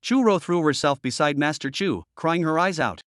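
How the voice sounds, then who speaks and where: A male narrator with a fairly high, lively voice reads a story in a dramatic, expressive scripted way. The recording is close and completely dry. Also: moderate pace, no room sound.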